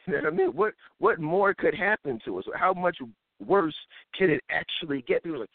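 Animated man ranting on a tinny line. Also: a little high, a little fast, gravelly, no echo. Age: 30s. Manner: animated, ranting, mocking voices. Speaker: host. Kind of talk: live show commentary. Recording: tinny phone-like sound.

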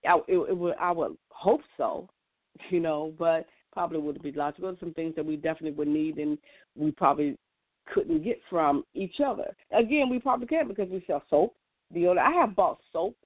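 A woman's voice: sits low, fairly quick, no room sound. A woman in a casual monologue, earnest and emphatic, often restarting her sentences. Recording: tinny, dry phone-like sound.

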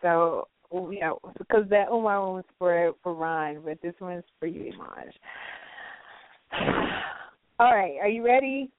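A woman's voice: lowish voice, animated, a little slow, long pauses, no room sound, phone-quality sound. A woman co-hosting a radio talk show in casual chat, laughing often.

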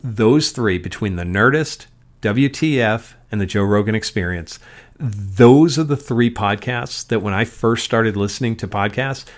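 A man's voice: on the low side, measured pace. Rambling, profane male podcast host. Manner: rambling and profane, with frequent ums. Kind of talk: solo podcast monologue. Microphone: podcast mic.

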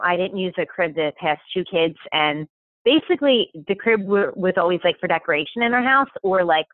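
A woman's voice: on the low side, no echo. A chatty woman rambles through a casual conversation, full of fillers and restarts. Her voice comes over a thin, phone-like line, and the sound is dry, with no room around it. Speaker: podcast guest, stay-at-home mom. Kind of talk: casual chat.

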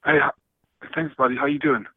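A male caller phoning in to a radio show, ranting in halting bursts and stumbling over his words. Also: mid-range voice, steady tone, slightly rough, no echo. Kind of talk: phone-in rant. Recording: tinny dry phone line.

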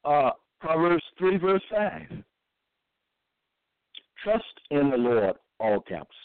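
A man works through scripture verses one at a time, pausing and repeating himself as he comments on each. He speaks very slowly and deliberately. The sound is tinny and narrow, like a phone line, with no room echo at all. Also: fairly high pitch, sing-song, smooth. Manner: deliberate, repetitive, halting. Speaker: self-styled religious teacher. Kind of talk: slow scripture reading with commentary. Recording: tinny phone-like dry recording.

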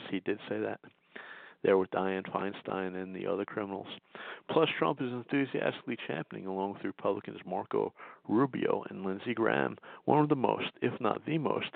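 A man hosting a political talk radio show, delivering indignant, sarcastic commentary with frequent restarts and a gravelly voice. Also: on the low side, no echo, narrow, tinny audio.

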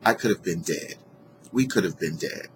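A man casually telling a personal story to his viewers, earnest and heartfelt, animated when he retells what people said. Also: deep voice, moderate pace, noisy background. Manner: animated, acts out quoted dialogue in a raised voice; earnest and heartfelt about gratitude. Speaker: vlogger sharing a personal story.

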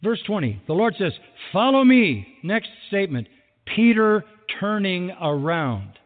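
A man preaching a sermon with lively delivery who acts out the people he quotes, recorded in a large hall. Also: high-pitched, unhurried. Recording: phone-like sound with long hall reverb.

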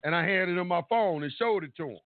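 This radio show caller has a high voice and talks fast, and the recording is dry. Over a tinny phone connection, he spins a long, energetic tale, performing everyone's dialogue and cursing offhandedly.

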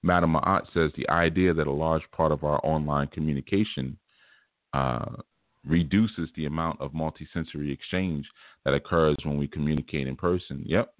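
A man's voice: a bass voice, fairly even intonation, moderate pace, no echo. A man hosting a spiritual teaching show, talking in a casual, laid-back, streetwise way and often repeating his phrases. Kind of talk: casual livestream talk. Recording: tinny phone-like dry sound.

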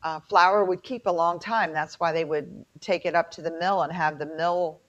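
Through muffled, lo-fi sound, a middle-aged Appalachian woman with a mountain twang co-hosts a casual chat, storytelling with plenty of fillers. Her voice is lowish with fairly even intonation at a normal speed.

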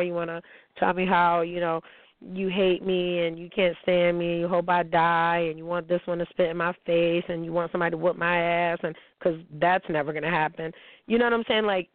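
A woman hosts a casual spiritual talk, blunt and emphatic and quick to swear, speaking straight to her listeners as y'all. Her voice comes through a narrow, tinny, phone-like line with a bone-dry sound. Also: lowish voice, dry recording. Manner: addresses listeners directly as y'all. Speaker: host.

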